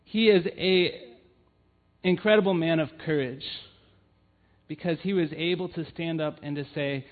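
In an unhurried, higher-leaning voice, a church's family ministry leader preaches through personal anecdotes. He tells them earnestly and leans on "um" often, and the audio comes across tinny, as if over a phone.

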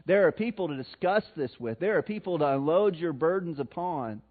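A man with a Missouri accent preaching a sermon, swinging between loud emphasis and soft, slow passages. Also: on the high side, expressive. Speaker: pastor. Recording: tinny phone-like sound.

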